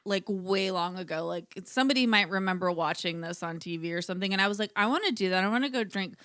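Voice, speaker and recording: A woman's voice: medium pitch, quick pace, a bit bright, clear, resonant tone, no room sound, clean studio sound. A woman co-hosting a casual chat, rambling storyteller with many fillers who laughs often. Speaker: podcast co-host.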